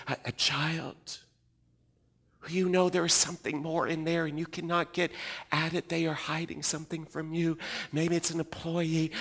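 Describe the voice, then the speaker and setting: Bright-voiced man preaching with swings in volume. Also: a little high, creaky. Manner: swings from loud emphatic preaching to hushed, near-whispered reflection. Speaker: pastor. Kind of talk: sermon.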